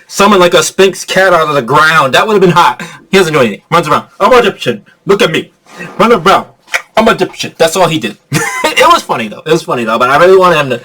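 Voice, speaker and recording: Hyped guy ranting about a movie, bright voice, laughing and cussing the whole way. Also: a little high. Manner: excitable, laughs often, swears freely. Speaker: movie reviewer. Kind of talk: casual review rant.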